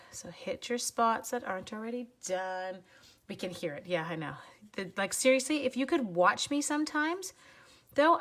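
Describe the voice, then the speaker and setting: A sniffly woman in her forties hosts a live crafting session from her home craft room, chatting with viewers as she works. Her voice is husky, and her talk is chatty and self-deprecating. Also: mid-range voice, fairly bright tone. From Canada. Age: 40s. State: sniffly from sneezing. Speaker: crafting livestream host. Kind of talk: casual live crafting demo.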